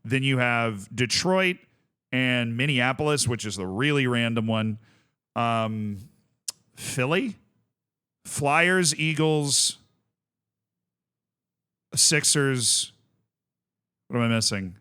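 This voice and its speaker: A man's voice: medium pitch, slow, pauses often, sharp tone, clear, resonant tone. A young man from Tampa streaming a game, chatting casually and thinking aloud as he lists things and corrects himself. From Tampa, Florida. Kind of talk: casual livestream chat.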